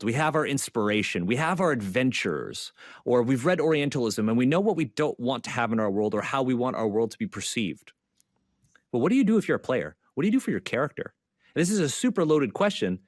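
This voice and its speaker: A man's voice: medium pitch, dry recording, studio quality. A man speaking earnestly as a panelist in an online panel discussion, repeating his key points with frequent fillers. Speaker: panelist and zine creator.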